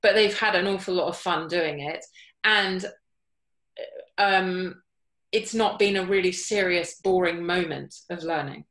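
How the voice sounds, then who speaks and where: A woman guest speaker on a video call, telling stories about her workshop exercises in a lively, playful way. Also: lowish voice, measured pace. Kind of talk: casual call talk. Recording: echoey room.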